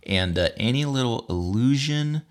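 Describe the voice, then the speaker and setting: A man co-hosting a Bible discussion who speaks in a halting way, repeating words and restarting sentences. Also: medium pitch, lively intonation.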